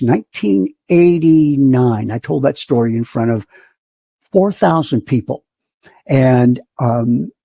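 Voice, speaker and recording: A man's voice: on the high side, creaky, breathy edge, no echo. An older man, a flight instructor, telling stories as a podcast guest and acting out the voices of the people in them. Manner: animated storyteller, acts out the voices of others. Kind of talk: storytelling in a podcast interview.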